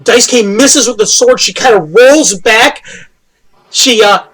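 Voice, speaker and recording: A man running a tabletop game as game master, narrating action with frequent pauses and fillers. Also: very high voice, a bit bright. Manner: halting, with many fillers.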